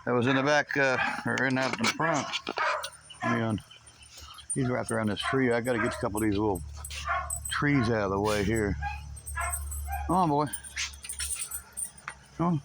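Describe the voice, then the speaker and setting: In an easygoing backyard vlog, a middle-aged man who owns a garage shows his rescue dogs, chatting, chuckling often and cooing to them among the dog pens of an overgrown yard. He speaks at a moderate pace in a gravelly, medium-pitched voice with fairly even intonation and long pauses. A camera on a swinging makeshift mount picks up noisy outdoor sound full of barking.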